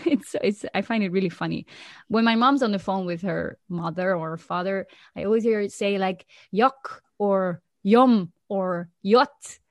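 A woman from Flanders, a Dutch speaker, chatting lively as a podcast co-host, laughing often and restarting sentences. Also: mid-range voice, dry recording, clean studio sound. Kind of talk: casual explanatory chat.

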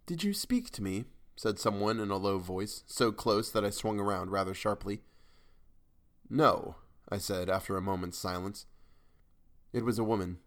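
Lowish male voice reading a story. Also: level tone, normal speed. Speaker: audiobook narrator. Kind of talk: scripted narration of a short story.

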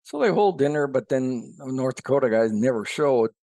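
A man co-hosting a podcast, telling a long joke in a folksy, unhurried way with fillers. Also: mid-range voice, animated, warm tone, no echo. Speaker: podcast co-host, columnist.

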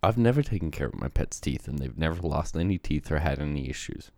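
A man's voice: very deep voice, sing-song, fast, vocal fry, darkish tone, no room sound. A man co-hosting a casual podcast chat, trading wry, offhand jokes.

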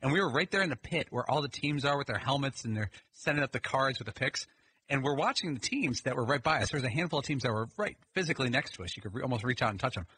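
A man co-hosting a sports radio show, telling quick anecdotes in casual studio banter. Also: mid-range voice, lively intonation, sharp tone, slight background noise. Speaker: radio show co-host and producer.

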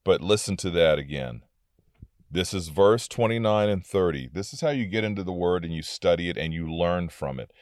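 Guy with a low deep voice doing a casual bible talk in his car, earnest, dry close sound. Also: normal speed, a little mellow, no room sound. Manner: earnest, conversational preaching, reads scripture aloud then breaks it down. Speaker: minister. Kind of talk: informal Bible teaching podcast. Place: inside a parked car.

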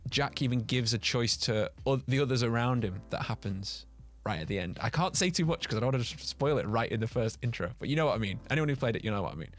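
A man's voice: medium pitch, animated, fast talker, few pauses. Enthusiastic rambling male podcast co-host. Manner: enthusiastic, rambling, with frequent restarts. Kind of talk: casual chat.

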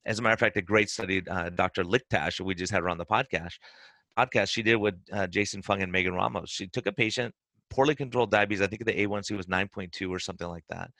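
A man hosting a podcast as a weight-loss coach, telling client stories in a casual, animated way and acting out their words. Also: deep voice, quick pace, dry recording.

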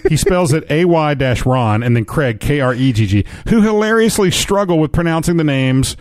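Man, podcast co-host, mock-grumpy teasing delivery, lively pitch, dry close sound. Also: normal speed, dry recording. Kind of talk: casual comedic chat.

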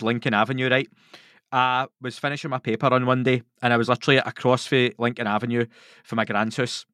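Man, Glasgow accent, casual podcast chat, sweary, lively storytelling, dry sound. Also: medium pitch, no echo. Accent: Scottish, Glaswegian. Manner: sweary, animated, laughs through his stories. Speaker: podcast guest.

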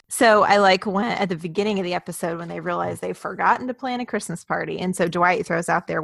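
Podcast woman, lively, acts out quotes, dead dry close mic sound. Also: fairly low pitch, quick pace, vocal fry, few pauses, dry recording. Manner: lively, quotes lines with energy. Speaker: podcast co-host. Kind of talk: casual chat recapping a sitcom.

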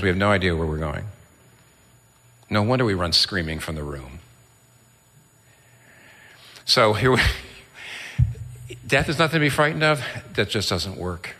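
Male pastor, low bright voice, earnest sermon delivery. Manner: earnest, rising to emphatic peaks. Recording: long hall reverb.

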